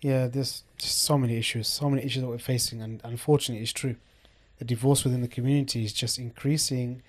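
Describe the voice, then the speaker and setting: A man hosting a casual discussion, speaking in a measured way as he sums things up. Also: medium pitch, fairly even intonation.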